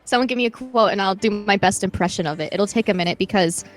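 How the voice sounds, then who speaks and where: A woman's voice: medium pitch, fast. A giggly woman co-streamer tossing in teasing jokes during a game stream. Her mid-range voice carries over faint game music. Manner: giggly, teasing sidekick banter. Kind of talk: casual gameplay commentary.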